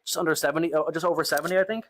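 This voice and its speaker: Rapid-fire and fairly bright, with fairly even intonation and a slightly high pitch, a young man talks to his live-stream chat from the gym between lifts. He's laid-back, full of "bro" and "like," and sighs between sets, his arms tired.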